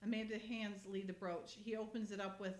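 A woman's voice: medium pitch, level tone, a little fast. A woman hosting a casual chat, recapping a TV episode and reading script lines aloud with frequent giggles. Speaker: podcast host.

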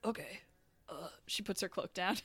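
A woman's voice: lowish voice, normal speed, a bit bright, slightly rough, no room sound. A woman playing a tabletop game, chatting playfully and describing her character. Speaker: player.

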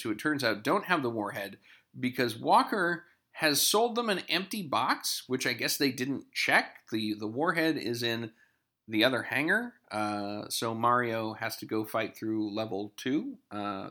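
Man, middle pitch, bright edge, chatty episode recap full of wry tangents. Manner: chatty, digressive, wry asides.

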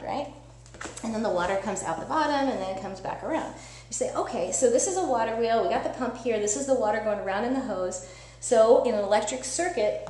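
A woman science educator giving a lively live-streamed teaching demo, chatty and upbeat, often checking in with "right?". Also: fairly high pitch. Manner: energetic, chatty, asks listeners "right?". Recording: echoey room with faint hum.

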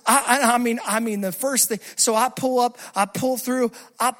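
A man preaching a sermon, telling a funny story with lively acted-out voices before turning to exhortation. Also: extremely high pitch, normal speed. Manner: animated, acts out scenes, loud bursts of laughter.

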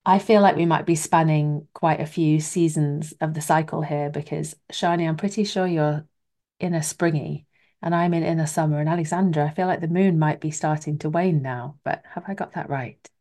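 Low-voiced woman hosting a podcast. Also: fairly even intonation, moderate pace, dark tone. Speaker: podcast host. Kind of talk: podcast intro and conversation.

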